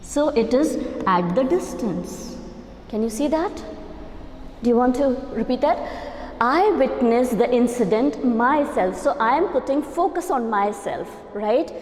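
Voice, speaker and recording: Lively Indian English woman lecturing. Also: sits high, unhurried, a little hiss or hum. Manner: explanatory, checks understanding with "okay?" and "right?". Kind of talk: recorded grammar lecture. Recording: echoey, reverberant room.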